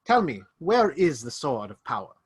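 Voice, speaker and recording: A man voicing a posh, menacing British gentleman in a Victorian suit, speaking with mock courtesy. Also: fairly high pitch, very animated, moderate pace, a crowd in the background. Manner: polished, mock-courteous, threatening.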